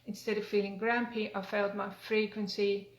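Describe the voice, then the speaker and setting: Older woman wellness coach, gravelly even voice, earnest and gentle, roomy echo. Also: mid-range voice, normal speed. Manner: gentle, earnest, with frequent fillers and restarts. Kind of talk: spoken self-help talk.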